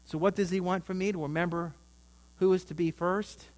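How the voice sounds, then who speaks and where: A man's voice: high-pitched, fairly even intonation, a little fast. A man preaching a sermon, telling a story with rising and falling emphasis.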